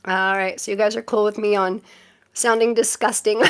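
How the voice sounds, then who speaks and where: A woman's voice: medium pitch, animated, takes it slowly, long pauses, clean tone. A woman doing a casual tarot live stream, chatting in a rambling, random way to her viewers and laughing often.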